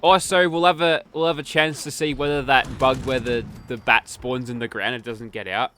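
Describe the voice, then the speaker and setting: A man's voice: medium pitch, fairly even intonation, normal speed, sharp tone, a little hiss or hum. A man streaming a game, giving casual, crude, joking commentary.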